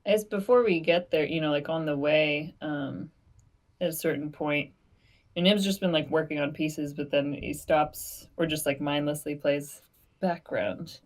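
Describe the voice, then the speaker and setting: A woman player calmly describing her character's actions, with many fillers. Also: sits low. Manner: unhurried, lots of fillers.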